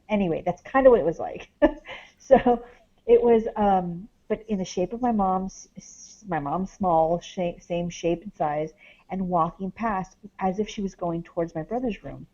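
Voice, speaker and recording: A paranormal investigator appears on a podcast, casually telling a story in a warm, lowish voice. The recording lacks high frequencies. She wanders as she goes, dropping "like" and "um" constantly.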